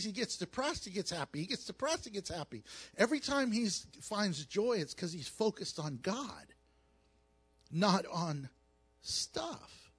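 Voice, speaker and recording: Give me a high-pitched male pastor delivering a humorous, animated sermon. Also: husky. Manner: animated, jokey storytelling with acted asides.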